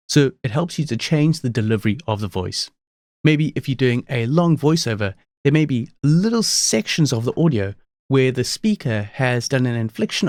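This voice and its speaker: Guy walking thru an audio editing tutorial, calm and steady, dead dry mic. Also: mid-range voice, no echo. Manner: calm, explanatory, step-by-step. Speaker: software tutorial presenter. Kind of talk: screen-recorded software tutorial.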